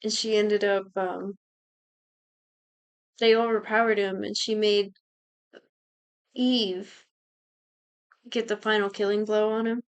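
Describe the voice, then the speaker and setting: A young woman co-hosting a podcast, casually retelling a TV plot in an animated, profane way. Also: mid-range voice, takes it slowly, pauses often, clean tone. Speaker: podcast co-host recapping a show. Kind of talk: casual chat.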